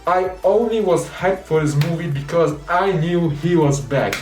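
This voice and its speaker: An eager man gushes through a movie recap and breaks into bits of dialogue as he goes. His voice sits a touch high. He is recorded from a distance in a reverberant room, with faint music underneath. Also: measured pace, a little mellow. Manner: enthusiastic, rambling, acts out quoted lines. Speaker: movie reviewer. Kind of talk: excited spoiler review retelling scenes. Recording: roomy echo, distant mic, faint music.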